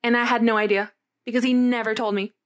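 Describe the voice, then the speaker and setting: A young woman telling a story in casual chat, animated and swearing freely, often checking in with her listener. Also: a little high, fast talker.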